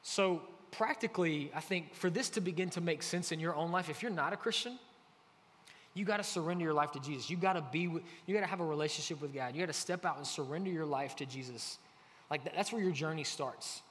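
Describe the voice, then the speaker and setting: A man preaching a relaxed, conversational sermon, often filling pauses with "like". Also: on the high side. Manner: conversational, heavy use of "like". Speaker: pastor. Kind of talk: casual sermon. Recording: faint hall reverb, light noise.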